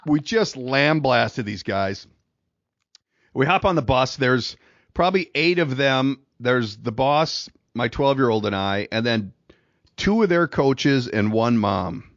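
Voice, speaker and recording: A man's voice: mid-range voice, expressive, takes it slowly, no echo, muffled recording. Middle-aged man telling a rambling story. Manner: rambling, laughs through his stories. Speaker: podcast co-host. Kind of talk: casual storytelling chat.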